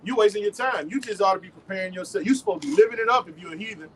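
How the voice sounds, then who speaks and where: A man with a Southern US accent preaching outdoors on a street, forceful and emphatic, often repeating his words. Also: high voice, rapid-fire, a crowd in the background, rough recording.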